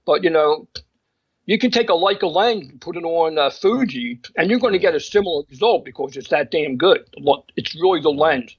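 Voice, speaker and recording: A man with a somewhat high voice talks in emphatic, opinionated bursts, often restarting his sentences. It is a casual chat. The recording sounds dull and lo-fi. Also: expressive, fairly quick, slightly rough. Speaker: magazine co-host discussing photographers.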